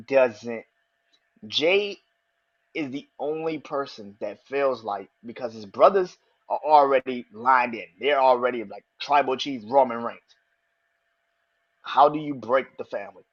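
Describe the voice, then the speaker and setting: A man hosting a podcast, talking excitedly and with a lot of swearing, repeating his predictions for emphasis. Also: medium pitch, measured pace, pauses often, breathy edge, lo-fi sound. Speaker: podcast host. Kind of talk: casual wrestling commentary.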